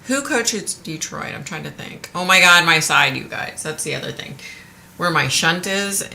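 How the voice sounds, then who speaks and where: A woman's voice: sits low, expressive, normal speed, creaky, sharp tone. A woman hosting a live stream from home, chatting frankly with viewers and swearing casually. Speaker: livestream host.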